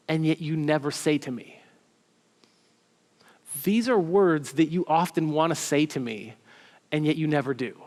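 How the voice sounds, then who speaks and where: Slightly high-voiced man preaching in a hall. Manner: conversational and halting, full of restarts and "like". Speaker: pastor. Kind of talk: sermon. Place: church.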